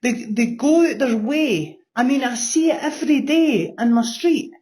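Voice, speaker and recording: A woman in her sixties, appearing as an interview guest, gives a blunt personal testimony, swearing freely and repeating phrases for emphasis. Her voice sits high with a darkish tone, and she speaks at a moderate pace.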